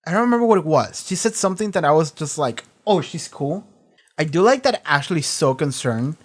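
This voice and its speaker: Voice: mid-range voice, quick pace. Rambling, cursing reaction host. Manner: rambling, animated, swears freely. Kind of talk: casual reaction commentary.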